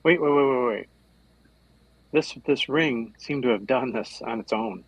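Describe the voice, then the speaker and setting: A man playing a tabletop game, relaxed and planning moves aloud. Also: mid-range voice, measured pace, breathy edge, rough recording. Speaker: player.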